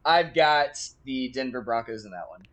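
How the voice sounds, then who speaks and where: A man's voice: medium pitch, expressive, moderate pace, a bit bright, lo-fi sound. A young man co-hosting a casual sports chat, teasing and swearing freely as he makes his picks. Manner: profane, wry and teasing. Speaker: podcast co-host making picks.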